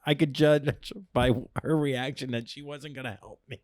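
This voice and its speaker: A man co-hosting a casual comedy podcast, telling a story with lively jumps in pitch and swearing. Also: normal speed, no room sound, studio quality. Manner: animated storytelling, acts out quoted voices. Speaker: podcast co-host.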